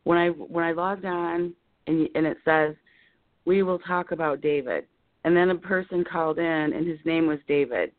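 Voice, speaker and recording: A woman's voice: low voice, moderate pace, dry recording. A woman in her fifties calling in to a live show, talking in emotional, rambling bursts and holding back tears. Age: 50s. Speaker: caller. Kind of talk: caller on a live call-in show. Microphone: telephone. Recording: tinny phone line.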